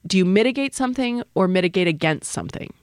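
A middle-aged woman who works as a linguist talks through her reasoning patiently, sometimes restarting a sentence. Her voice sits at a medium pitch. The recording is dry and close, with no room sound. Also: expressive, quick pace, smooth, no room sound. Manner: thoughtful, explanatory, with restarts. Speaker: linguist, usage panel member. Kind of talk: conversational interview answers.

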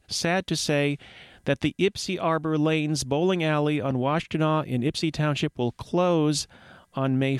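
A man's voice: mid-range voice, smooth, no room sound. A man hosting a community radio news segment, reading items with wry, rambling asides and puns. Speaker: radio host. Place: radio studio.

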